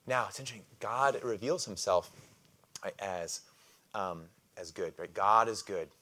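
A man's voice: lowish voice, unhurried. A man preaching a sermon, calling out to the congregation for responses and explaining scripture in a loose conversational way with light humor. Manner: call-and-response with congregation, animated emphasis. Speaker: pastor.

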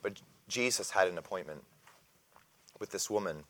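Hesitant low-voiced man teaching Bible class. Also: normal speed, fairly bright tone. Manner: hesitant, many fillers and restarts, clears throat often. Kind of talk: casual Bible lesson.

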